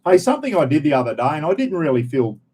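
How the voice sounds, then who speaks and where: A man's voice: fairly high pitch, big pitch swings, quick pace, a little mellow, slightly rough. Blunt, swearing Australian man ranting. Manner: blunt, swears often, talks straight to viewers. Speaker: livestream host. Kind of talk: casual live-stream rant.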